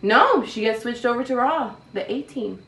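A woman's voice: on the high side, animated, moderate pace, a bit bright. A woman co-hosting a podcast, chatting casually and with strong opinions, laughing often. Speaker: podcast co-host. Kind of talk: casual wrestling chat. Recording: roomy, distant mic.

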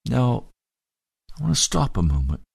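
A male pastor preaching a sermon, retelling a story in deliberate short phrases. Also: medium pitch, big pitch swings, gravelly, a little mellow, slightly rough, dry recording, studio quality.

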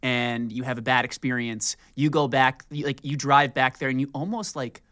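A man's voice: mid-range voice, fairly even intonation, moderate pace, a bit bright. A man hosting a podcast, asking long, musing questions in a casual chat. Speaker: podcast host.

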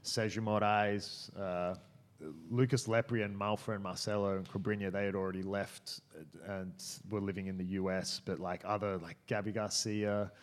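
A man's voice: fairly low pitch, level tone, normal speed. A man telling a story in casual podcast chat, rambling with many fillers and restarts.

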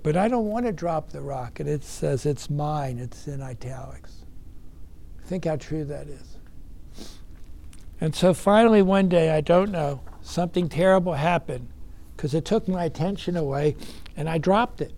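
A man's voice: on the high side, normal speed, warm tone. A man giving an earnest recovery meeting talk, telling his story with emphatic bursts. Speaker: speaker sharing recovery experience.

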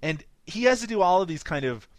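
A podcast co-host from Newfoundland, Canada, with a light local accent, recaps a movie in casual chat, laughing often and swearing casually. His high voice is brisk with lively intonation, and there's no echo.

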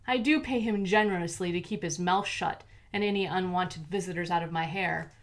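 A woman voicing a menacing, vengeful male villain who threatens and shouts. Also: lowish voice, a little fast, close to an everyday voice.

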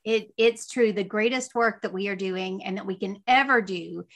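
A woman's voice: medium pitch, moderate pace, fairly bright tone. A woman hosting a homeschooling podcast, affirming her guest and wrapping up the interview. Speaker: podcast host.

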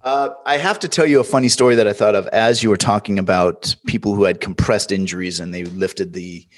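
Lively storytelling man, podcast host. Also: fairly low pitch, brisk. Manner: lively storyteller who acts out quoted dialogue. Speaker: emergency physician podcast host. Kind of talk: casual medical podcast chat and anecdote.

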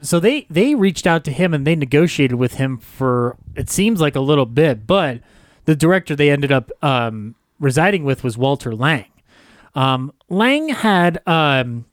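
A man's voice: fairly high pitch, animated, unhurried, no echo, clean studio sound. A man co-hosting a podcast, chatting casually about film history in a jokey way, laughing often. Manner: jokey, laughs often, throws in silly impressions. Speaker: podcast co-host.

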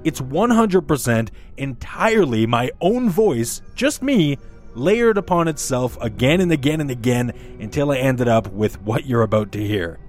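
A man hosting a casual group podcast, upbeat and animated as he runs a word game with friends. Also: mid-range voice, moderate pace, soft background music. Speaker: podcast host.

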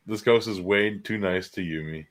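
A man co-hosting a podcast, chiming in with relaxed, joking asides. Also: low voice, normal speed. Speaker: podcast co-host. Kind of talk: casual chat.

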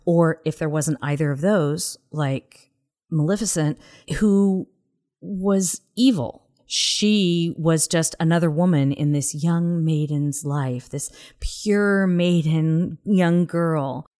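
A woman's low, dark voice moves at a slow pace. She's co-hosting a podcast with a Southern accent, her casual chat earnest and sometimes hushed to a whisper.

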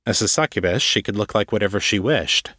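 Low-voiced man reading a story aloud. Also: a little fast, pushed and bright, slightly rough, dry recording, studio quality. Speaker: narrator. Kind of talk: audiobook reading.

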